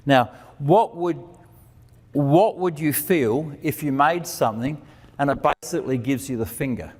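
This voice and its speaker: A preacher and teacher speaks unhurriedly in a mid-pitched, slightly mellow voice, giving a conversational sermon. He asks and answers his own questions and performs quoted lines with vocal changes, with the long reverb of a hall audible.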